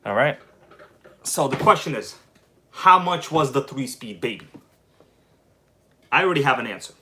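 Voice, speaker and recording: A man hosting a casual live stream and chatting with his audience, animated and quick to flare up with irritation. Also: medium pitch. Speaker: livestream host.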